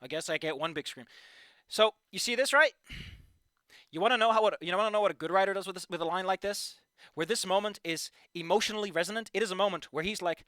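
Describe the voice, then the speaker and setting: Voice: medium pitch, animated, quick pace, pushed and bright, dry recording, studio quality. A fanfiction critic reading a story aloud and breaking off into exasperated, profane rants, sighing between points. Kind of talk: ranting commentary on a reading.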